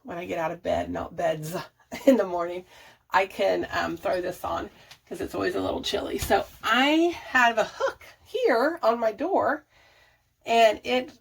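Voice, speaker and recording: Speaking a little slowly in a mid-range voice that's slightly rough and full of vocal fry, a woman vlogs while organizing her bathroom at home. As a budget and declutter vlogger, she chats to viewers, thinks aloud, and laughs often. A nearby camera, moved around, records her.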